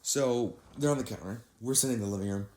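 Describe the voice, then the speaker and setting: A man's voice: medium pitch, fast talker, slight background noise. Young man telling a storytime, echoey room. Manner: animated, rises sharply when quoting himself in disbelief. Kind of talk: casual storytime narration.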